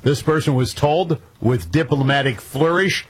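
A man's voice: medium pitch, animated, unhurried, husky. A man hosting talk radio, reading news items aloud and then chatting casually with his co-hosts. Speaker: radio show host.

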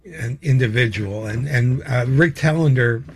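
A man's voice: medium pitch, unhurried, a little hiss or hum. Male podcast guest with a mid-range voice, rambling anecdotes, laughs through the telling. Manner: rambling, laughing as he tells stories, many fillers. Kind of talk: casual anecdotal storytelling.

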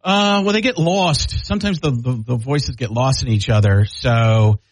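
A man's voice: mid-range voice, normal speed, no echo. A man, a comedian and impressionist, chatting casually in an interview, rambling with restarts. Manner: rambling, with restarts, slipping into voices.

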